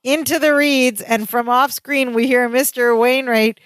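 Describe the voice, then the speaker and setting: A woman's voice: high-pitched, fairly even intonation, a little slow, smooth, no room sound, studio quality. A woman co-hosting a podcast, casually narrating sitcom scenes and quoting the characters. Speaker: podcast co-host. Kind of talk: casual recap chat.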